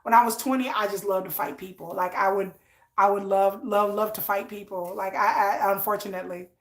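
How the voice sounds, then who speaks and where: A woman in her thirties chatting on a live stream, telling animated stories and acting out what people said. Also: medium pitch, brisk. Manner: animated storytelling, acting out quoted lines. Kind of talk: casual live-stream chat. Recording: echoey room.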